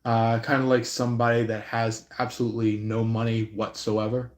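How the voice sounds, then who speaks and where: A man giving an intuitive reading on a live stream, slow and halting, with many fillers and restarts. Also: medium pitch, level tone, echoey room. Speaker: tarot reader.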